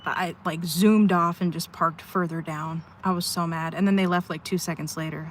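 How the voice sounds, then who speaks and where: Somewhat low-voiced woman venting candidly. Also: fairly even intonation, normal speed, hardly any pauses, slight background noise. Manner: rambling, sighing, heartfelt venting. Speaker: live streamer. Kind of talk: candid livestream chat. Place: inside her car at a rest stop.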